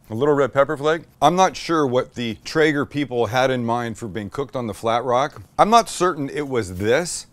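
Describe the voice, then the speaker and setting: Man, cooking host, casual demo patter, excitable, salty language, mid-range voice. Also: medium pitch. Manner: enthusiastic, swears casually while cooking; talks to the camera crew by name.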